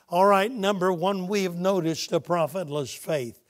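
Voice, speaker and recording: A man preaching a sermon, telling stories and quoting scripture with dramatic pauses. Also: sits high. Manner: dramatic pauses, retells stories with acted quotes.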